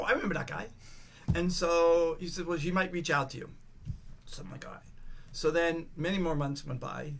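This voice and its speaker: A man's voice: fairly high pitch, gravelly, fairly bright tone, slight background noise. An older man, a podcast guest, telling rambling stories in casual chat, restarting sentences, swearing and acting out the voices of the people he quotes.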